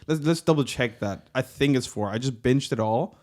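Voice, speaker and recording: A man's voice: medium pitch, moderate pace, a little mellow. A young man with a Danish accent co-hosting a podcast, chatting loosely and swearing while he retells scenes. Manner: loose, swearing, storytelling with acted-out quotes. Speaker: podcast co-host. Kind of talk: casual chat.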